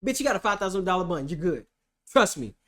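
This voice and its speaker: A man streamer telling a comedic story about a day in court, animated and profane, swinging between loud outbursts and hushed asides. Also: high voice, fast talker, slight background noise.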